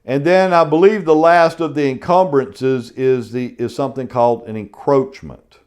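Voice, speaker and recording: A man's voice: mid-range voice, steady tone, moderate pace, a little mellow, smooth. Middle-aged man, folksy instructor, casual and chatty, mid-range voice. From South Carolina. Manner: folksy, keeps saying "y'all". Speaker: real estate instructor. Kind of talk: casual classroom lecture.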